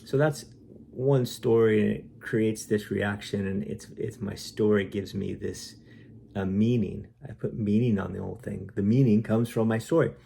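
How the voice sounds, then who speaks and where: A man speaking as a self-help author, calmly explaining ideas in a reflective monologue with fillers and restarts. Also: lowish voice, normal speed, creaky, slightly rough.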